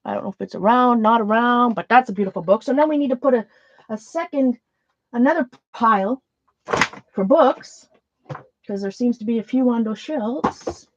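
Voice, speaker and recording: A woman's voice: fairly high pitch, normal speed, muffled recording, noisy background. A woman chatting casually as she sorts her art supplies, rambling, trailing off and restarting her sentences. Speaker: art journaling vlogger. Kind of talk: casual chat while sorting art supplies.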